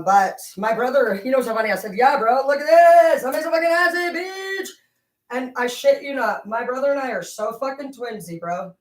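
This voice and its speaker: A woman with a mid-range voice runs a casual tarot reading vlog. She is foul-mouthed and rambling, and she jumps excitedly from one story to the next. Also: medium pitch, roomy sound, distant mic, low-quality recording. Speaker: tarot reader.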